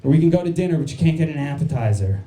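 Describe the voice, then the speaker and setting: A man's voice: fairly high pitch, lively intonation, rapid-fire, warm tone, echoey room. Crude self-mocking man doing stand-up. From New Jersey. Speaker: stand-up comedian. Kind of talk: stand-up set. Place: comedy club stage.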